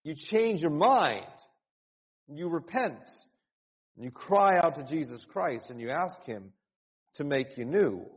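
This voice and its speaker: A man's voice: a little high, lively intonation, slow. A male pastor preaching an earnest, urgent sermon, often repeating words and rising into cries. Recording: dull sound with long hall reverb.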